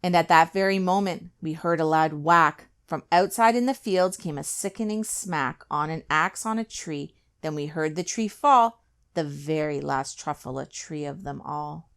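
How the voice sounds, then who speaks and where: A woman's voice: low voice, unhurried, clean tone. Woman reading a rhyming storybook aloud. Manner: expressive, rhythmic rhyming delivery. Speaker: children's book reader.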